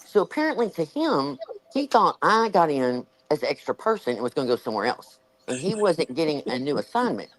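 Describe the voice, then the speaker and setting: A woman with a Southern US accent, hosting a show and telling a story in casual chat, animated and acting out the voices she quotes. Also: deep voice, a little fast, low-quality recording. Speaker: show host.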